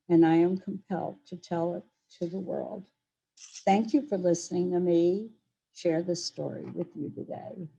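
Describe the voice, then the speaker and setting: An older woman, a Holocaust educator, giving measured, earnest testimony over a laptop microphone from a friend's apartment. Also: fairly low pitch, warm tone, low-quality recording. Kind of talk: prepared testimony talk.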